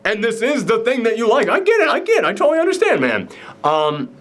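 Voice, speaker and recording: A man's voice: extremely high pitch, wildly swooping pitch, fast. A man hosting a casual movie reaction chat, enthusiastic and rambling, with lots of fillers and restarts. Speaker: film review show host.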